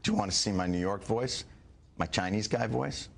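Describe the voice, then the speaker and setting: A middle-aged comedian arguing emphatically in a heated television interview, firing back quick rebuttals. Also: male voice, fairly low pitch, gravelly. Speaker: comedian and guest.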